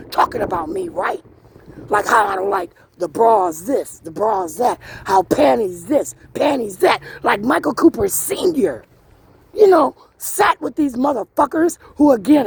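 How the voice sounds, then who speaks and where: A woman ranting about her family in a rambling, agitated way, swearing heavily, her voice climbing higher as she gets angrier. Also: gravelly, poor audio. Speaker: vlogger. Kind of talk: emotional personal rant. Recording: loud vehicle noise behind.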